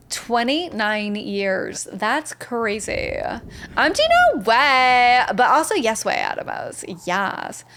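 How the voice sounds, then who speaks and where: A woman with a fairly high voice, streaming a game live. She chats in an excitable, loose way, reacting to viewers and reading their messages aloud. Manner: chatty, reads chat aloud, excitable. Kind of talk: live gameplay commentary.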